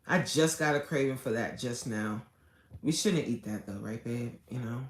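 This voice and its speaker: A woman, chatting casually and animatedly with viewers on a live stream from her car, laughing often and swinging between loud and soft. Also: extremely low pitch, normal speed, echoey room, a little hiss or hum. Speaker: livestream host chatting with viewers.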